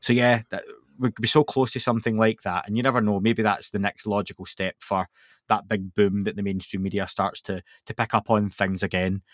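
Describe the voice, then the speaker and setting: A man's voice: on the low side, level tone, a little fast, dry recording, clean studio sound. A man hosting a podcast, chatting casually and rambling with fillers. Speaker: podcast host.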